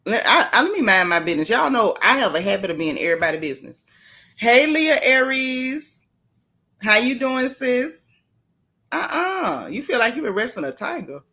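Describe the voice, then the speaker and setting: A woman's voice: fairly high pitch, sing-song, moderate pace, sharp tone, husky. A woman hosting a casual livestream, chatty and familiar as she greets her viewers one by one. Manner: playful and familiar. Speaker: livestream host.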